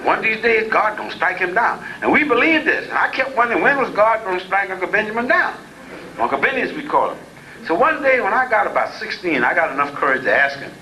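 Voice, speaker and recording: A man lecturing in a folksy, humorous storytelling way, wandering off into side stories. His voice sits high and bright. It sounds roomy, with faint noise behind it. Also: big pitch swings, quick pace.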